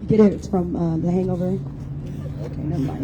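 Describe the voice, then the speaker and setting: A woman's voice: lowish voice, brisk, background noise. A woman giving an impassioned rally speech outdoors, blunt and profane, with mocking jokes. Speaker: rally speaker. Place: outdoor public rally in a city square.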